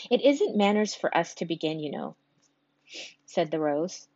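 A woman reading a children's storybook aloud, unhurried, now and then stumbling and restarting a word. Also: on the low side, lively intonation, darkish tone, no room sound, dull audio. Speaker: reader.

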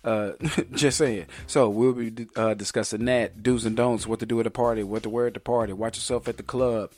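A man's voice: fairly low pitch, fairly even intonation, a little fast, a little mellow. A man hosting a podcast, chatting casually and jokingly, with frequent ums and uhs. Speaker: podcast host.

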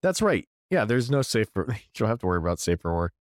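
A man's voice: fairly low pitch, big pitch swings, quick pace, dry recording, studio quality. A tired man co-hosting a stream, chatting casually in a rambling, profane way with lots of restarts. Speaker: podcast co-host.

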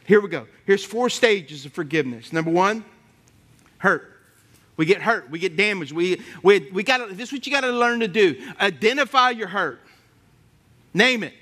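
A man's voice: high-pitched, expressive, normal speed, pushed and bright. A man preaching a sermon in a punchy style, with rhyming lines and call-outs to the congregation. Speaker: pastor.

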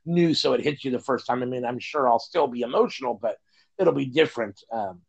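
Gravelly-voiced man, hesitant, lo-fi audio. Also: medium pitch, lively intonation, fairly quick. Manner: hesitant, many fillers, reflective. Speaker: podcast co-host. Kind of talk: casual chat.

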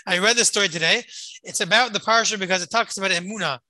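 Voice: medium pitch, quick pace, bright, forceful tone, a little hiss or hum, low-quality recording. A Torah study leader telling a story to a group on a call, rambling and repeating words, explaining Hebrew terms as they go. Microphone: call or online meeting.

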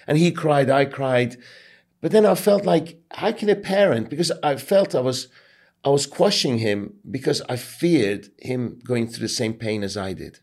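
A man's voice: medium pitch, expressive, darkish tone. Candid middle-aged man telling a story. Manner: candid, storytelling, halting restarts. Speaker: podcast host. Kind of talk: podcast interview.

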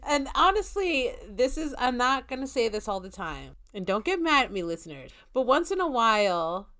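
A woman's voice: mid-range voice, fairly bright tone, smooth. A young adult woman co-hosting a podcast in casual chat, chatty and laughing often, with lots of fillers. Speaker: podcast co-host.

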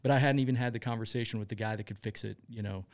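A man talking as a guest on an interview show, telling his stories in a loose, chatty way. His voice sits low and sounds smooth and clear. The recording around him is dry, with no room echo. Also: fairly even intonation, racing. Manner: chatty, laughs often while telling stories. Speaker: business owner, guest. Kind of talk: casual storytelling in an interview.

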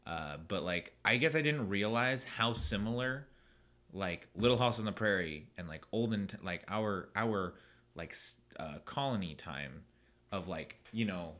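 A man co-hosting a podcast in casual chat, rambling with many fillers and restarts and quick to laugh. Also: lowish voice, animated, sharp tone. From United States. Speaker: podcast co-host.

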